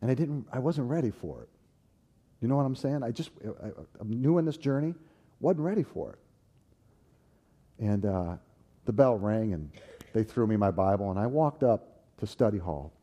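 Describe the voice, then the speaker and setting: Low, mellow-voiced man preaching a testimony. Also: moderate pace, long pauses. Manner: animated, swinging from loud bursts to hushed, tearful tones. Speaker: preacher giving a personal testimony. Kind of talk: sermon storytelling.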